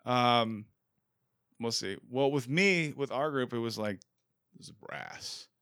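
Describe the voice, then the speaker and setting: American man, podcast host, animated, lively pitch, dry sound. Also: slow, clean tone, dry recording. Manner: animated, swearing, acts out quoted voices. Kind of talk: casual chat.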